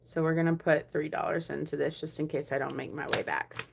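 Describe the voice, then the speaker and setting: A young woman vlogging a savings challenge, chatting casually and counting money aloud, often dropping to a soft murmur. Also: low-pitched, level tone, fairly quick, creaky, noisy background. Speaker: budgeting vlogger.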